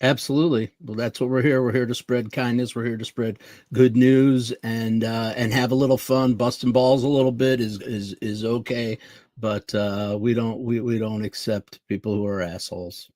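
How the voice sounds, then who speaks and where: An emphatic man co-hosts a live stream in a hype-driven way. His voice is mid-pitched. The sound is dry and close. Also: fairly even intonation, moderate pace, a little mellow, no echo. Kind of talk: casual live chat.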